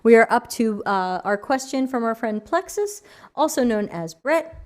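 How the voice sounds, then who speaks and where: A woman hosting a casual livestream Q&A, chatty and animated, reading chat questions aloud, her voice tired after an hour of talking. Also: a little high, normal speed. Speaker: livestream AMA host.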